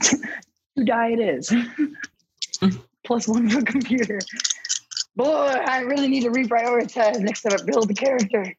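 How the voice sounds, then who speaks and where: A woman's voice: a little high, measured pace, pauses often, background noise. A woman playing a tabletop game, swearing and laughing freely as she chats. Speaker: player. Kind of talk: casual tabletop game chat. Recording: dull lo-fi sound.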